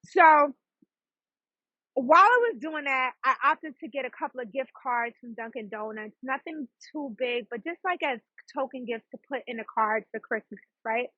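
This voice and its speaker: A chatty woman tells a story on her podcast, quick and full of asides to her listeners. Her voice sits high and bright with a husky edge. The sound is dry and a little dull, like a lo-fi home recording. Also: no echo. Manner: chatty, fast, laughs at herself, asides to listeners. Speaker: podcast host and psychic. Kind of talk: casual storytelling monologue.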